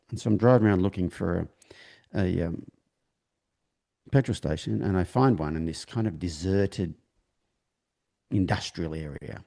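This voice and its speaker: A man tells a long personal story during an interview, halting and restarting as he acts out what people said. His voice is low and dark, with a gravelly texture. The delivery is conversational. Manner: halting, with many restarts, acting out quoted dialogue. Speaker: horse trainer, interview guest.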